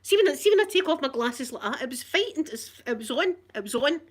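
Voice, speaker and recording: A woman's voice: sits high, very animated, fast. A middle-aged woman with a Glasgow accent, telling an indignant story to camera at home, laughing as she goes. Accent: Scottish, Glasgow. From Scotland. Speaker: vlogger. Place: at home, in a living room.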